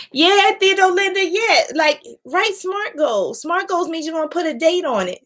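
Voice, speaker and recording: High-voiced, this woman success coach chats away on a relaxed live stream, animated and laughing frequently while addressing her viewers as y'all.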